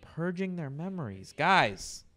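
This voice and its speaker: A man's voice: fairly high pitch, sing-song, slow pace, pushed and bright, soft background music. A man streaming a video game, joking and talking directly to his viewers. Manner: jokey, addresses viewers directly. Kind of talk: let's-play commentary.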